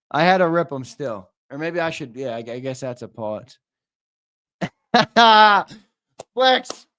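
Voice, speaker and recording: A man with a fairly high voice hosts a livestream in loose, casual chat. He teases his viewers, curses freely and trades loud, rowdy banter. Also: sing-song, takes it slowly, pauses often. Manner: profane, teasing, loud banter. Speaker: host.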